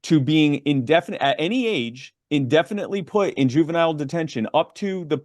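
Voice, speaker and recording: A man's voice: fairly high pitch, lively intonation, brisk, no echo. A man, forty or older, speaking as an advocacy guest in an interview, explaining a bill earnestly with many fillers and restarts. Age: 40s or older.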